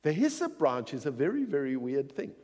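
A man's voice: mid-range voice, wildly swooping pitch, a little fast, darkish tone. A middle-aged man preaching in a storytelling way, his voice rising and falling widely. He wanders through anecdotes with plenty of filler words, and a long echo trails each phrase around the hall. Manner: rambling anecdotal with many fillers. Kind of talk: storytelling sermon.

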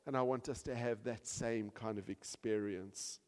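A man preaching a sermon with emphatic delivery, rising to loud peaks and dropping to soft, quiet passages. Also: on the low side, steady tone, measured pace, few pauses. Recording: long hall reverb.

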